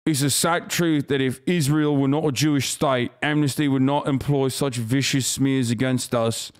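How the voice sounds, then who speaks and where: A stiff, pompous British spokesman, as a man puts him on, reads out an official statement. The delivery is formal, measured and declamatory. The tone is a little fuller than the performer's usual voice. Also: mid-range voice, steady tone, smooth, natural voice. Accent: put-on British.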